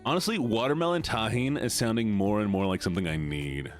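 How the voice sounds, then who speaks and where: A man's voice: on the low side, fairly quick, faint music behind. A man streaming live, chatting casually and playfully with his viewers. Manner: bubbly, playful, chatty with chat.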